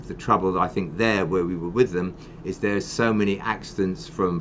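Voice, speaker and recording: A man's voice: low voice, a bit bright, slight background noise. An older man hosting a charity live stream, chatting in a rambling, self-mocking way. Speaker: charity host. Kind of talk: casual live-stream chat.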